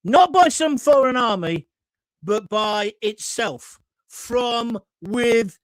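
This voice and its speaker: A man's voice: very high-pitched, lively intonation, takes it slowly, no echo, poor audio. An indignant man from England hosts a live stream, his voice swinging widely up and down as he rants and reads out comments. The sound is dry and close, with no room around him. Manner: ranting, indignant, reads viewer comments aloud; swears, gets heated. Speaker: host of live call-in show. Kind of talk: opinionated live-stream monologue.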